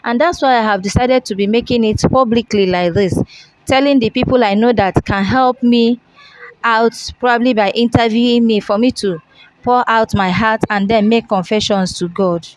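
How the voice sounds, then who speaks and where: A woman's voice: a little high, moderate pace, low-quality recording. A young woman, giving a long earnest confession and acting out the dialogue as she tells it. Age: young adult. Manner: storytelling, acts out dialogue, earnest. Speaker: interviewee confessing.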